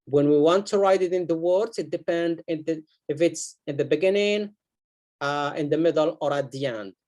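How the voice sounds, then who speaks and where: A man's voice: fairly high pitch, normal speed, darkish tone. A man teaching beginners to read Arabic letters and words, sounding each one out and repeating it for the learners. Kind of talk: beginner reading lesson.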